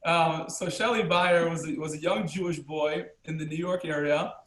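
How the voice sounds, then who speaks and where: A man teaching a class as a rabbi, telling stories and jokes in an animated, chuckling way, acting out the lines of the people in them. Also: on the high side, moderate pace, echoey room, poor audio. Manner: animated, chuckling storyteller who acts out the characters' lines. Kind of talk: storytelling lesson with jokes.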